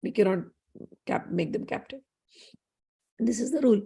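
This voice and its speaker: A woman voicing an older male guru who speaks firmly and in a measured way. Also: a little high, creaky, mellow, husky, exaggerated voice. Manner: firm, measured. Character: older male guru, firm and rule-bound.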